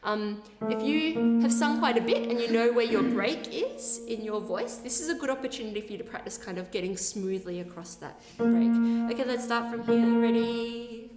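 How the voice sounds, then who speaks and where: A cheerful woman teaches an online choir session, chatting easily and poking fun at her own demos. Her voice sits a little high. The room rings noticeably, and loud backing music plays under her. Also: animated, normal speed, few pauses, reverberant. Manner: chatty, upbeat, self-deprecating. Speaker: choir leader. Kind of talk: online vocal tutorial.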